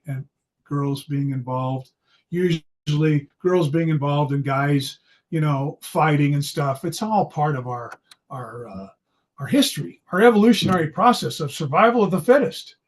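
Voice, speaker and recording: A man's voice: on the high side, animated, normal speed. A man from Idaho telling a personal story from his school days in a casual, self-deprecating way. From Idaho, USA. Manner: anecdotal, self-deprecating humor. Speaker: storyteller, psychology video host.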